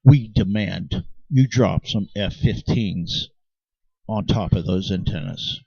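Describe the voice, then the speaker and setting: Low-voiced guy ranting hard at his viewers, dull dry lo-fi sound. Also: animated, slow pace, creaky, dark tone, husky, no room sound. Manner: emphatic and insistent, with frequent restarts. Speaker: channel host. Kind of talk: impassioned monologue to viewers.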